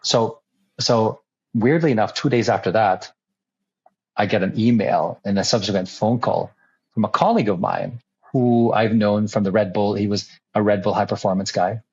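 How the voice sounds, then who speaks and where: Male podcast guest with a husky voice and a somewhat dull recording, a lively storyteller who acts out dialogue and stumbles over restarts. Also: lowish voice, normal speed. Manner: frequent restarts and repeated words. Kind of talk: storytelling conversation.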